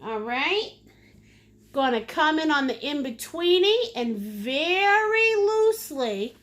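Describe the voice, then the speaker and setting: A woman's voice: high voice, sing-song, slow pace, fairly bright tone. A woman leading a live painting lesson, chatty and playful, with sing-song asides. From United States. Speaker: painting instructor.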